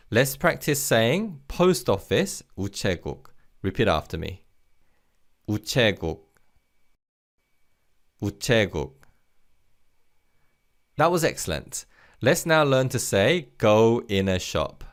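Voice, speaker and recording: A man teaching a recorded language lesson, patient and encouraging, modeling each word clearly for learners to repeat. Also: medium pitch.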